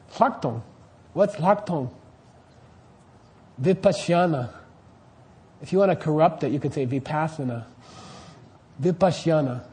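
A man with a high, slightly mellow voice teaches a class on Buddhist practice. He quizzes the students and keeps checking whether they follow, asking "you see what I mean?"

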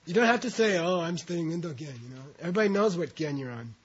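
A man lecturing a classroom, leading his students through a reading one syllable at a time and stopping to explain what the words mean. His voice sits a little high for a man. The recording is muffled and lo-fi. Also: animated, fast talker, breathy edge. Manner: patient, breaks words into syllables for students to repeat. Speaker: teacher. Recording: dull lo-fi recording.

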